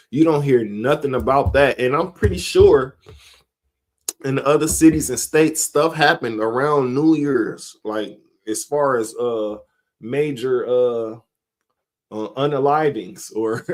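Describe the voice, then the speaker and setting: With a mid-range voice and measured pace, a middle-aged man hosts a live stream in a rambling, casual way. Chuckles come often as he names viewers from the chat.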